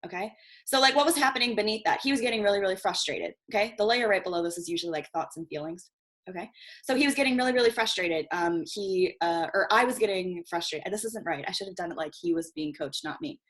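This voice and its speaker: A chatty woman teaches a marketing workshop over a video call, in a middling voice. She swears casually and keeps checking in with her listeners with a quick "okay?". Her tone is loose and unscripted, like a relaxed online class. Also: medium pitch. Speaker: guest marketing coach.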